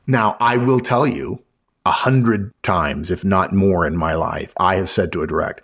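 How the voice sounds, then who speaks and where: A man's voice: deep voice, measured pace. A man hosting a talk show, giving conversational management advice and acting out the dialogue he quotes. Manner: acts out quoted dialogue with a chuckle. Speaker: podcast host.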